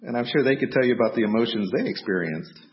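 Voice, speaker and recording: Animated man preaching a sermon. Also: medium pitch, fast, lo-fi sound, noisy background. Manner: animated storytelling, acts out startled shouts. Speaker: pastor.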